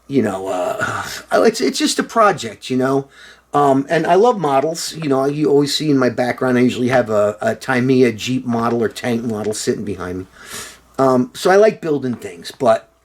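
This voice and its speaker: A man vlogging in a casual, rambling monologue, sarcastic and profane with lots of fillers. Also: mid-range voice.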